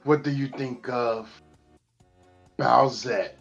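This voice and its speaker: A man reading the part of a sultry, scheming female Koopa queen in his own deadpan voice. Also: mid-range voice, slow, gravelly, highs cut off, faint music behind. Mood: teasing. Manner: deadpan, flat delivery in his normal voice. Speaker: guest reader.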